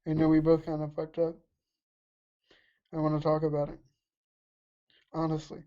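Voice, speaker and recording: A woman's voice: deep voice, monotone, moderate pace, warm tone, highs cut off. A woman co-hosting a casual game stream, playful and teasing, laughing often. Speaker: streamer, co-host. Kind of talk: casual gameplay chat.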